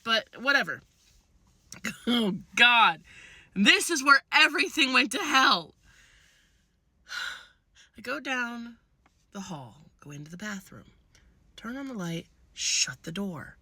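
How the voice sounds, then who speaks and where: A woman telling a comic personal story in an animated, blunt way, swearing freely. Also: on the high side, slow pace, pauses often, husky, no room sound, studio quality.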